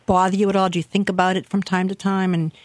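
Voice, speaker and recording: A woman's voice: mid-range voice, flat delivery, quick pace, a little hiss or hum. A woman hosting a radio interview, speaking hesitantly with many "um"s and restarts. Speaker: talk show host.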